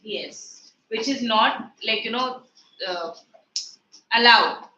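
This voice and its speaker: A woman's voice: fairly high pitch, slow pace, bright, forceful tone, lo-fi sound. A woman teaching an English literature class, explaining words with everyday examples in a chatty way. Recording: echoey room with faint noise.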